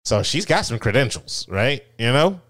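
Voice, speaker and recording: A man's voice: mid-range voice, big pitch swings, normal speed, fairly bright tone, no echo. A man co-hosting a podcast, chatting casually and reading out an article with a laid-back, rambling manner. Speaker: podcast co-host. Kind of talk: casual chat.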